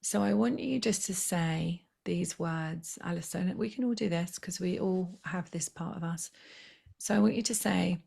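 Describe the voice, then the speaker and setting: Gravelly low-voiced woman guiding healing. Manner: soft, slow, coaxing guidance. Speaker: spiritual healer. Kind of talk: guided healing session.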